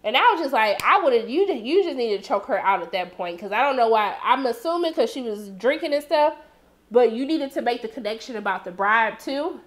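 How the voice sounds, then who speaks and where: Woman, high voice, sassy, dramatic asides, chatty recap. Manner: sassy, animated, acts out reactions in exaggerated voices. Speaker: TV recap host. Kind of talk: casual episode recap.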